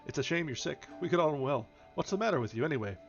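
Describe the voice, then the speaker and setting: A man reading the lines of a blunt, bored young woman who makes flat, dismissive remarks, on a dull recording with faint music behind. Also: on the high side, fast talker, pitched above the performer's own voice.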